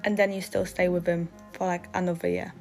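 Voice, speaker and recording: A young woman with a low, flat voice tells a story from her own life, steady and matter-of-fact. She speaks straight to the listener, and faint music plays behind her. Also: brisk. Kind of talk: casual storytime.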